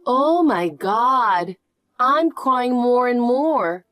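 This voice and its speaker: A woman's voice: mid-range voice, animated, takes it slowly, no echo, studio quality. A woman voicing a loving, tearful middle-aged foster mother in a scripted story reading. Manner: emotional, gushing.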